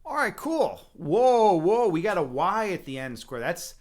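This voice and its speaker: A man's voice: sits high, sing-song, measured pace. A man hosting a casual livestream, rambling and chatting with viewers and swearing now and then. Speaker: livestream host.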